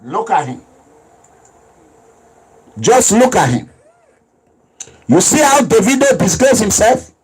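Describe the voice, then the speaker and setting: A man's voice: high voice, very animated, slow pace, pauses often, darkish tone, breathy edge, poor audio. A man giving emphatic, repetitive political video commentary, lecturing his viewers.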